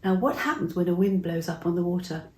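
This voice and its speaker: A woman's voice: on the low side, fairly even intonation, fast, darkish tone, reverberant, low-quality recording. An older woman telling a Bible story to young children, chatty and interactive, asking them questions as she goes.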